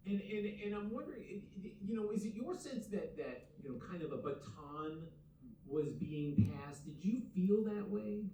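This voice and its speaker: A man's voice: high-pitched, expressive, normal speed, dark tone. A man hosting a live onstage interview in a theater, asking eager questions that often stumble into a restart. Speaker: interview host. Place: theater stage before an audience. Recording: echoey hall, distant mic, faint noise.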